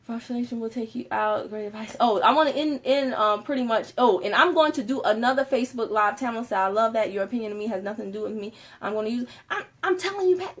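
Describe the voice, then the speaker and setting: A woman giving a casual motivational talk on a live stream, animated and laughing often, moving between soft and loud. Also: on the high side, quick pace, hardly any pauses.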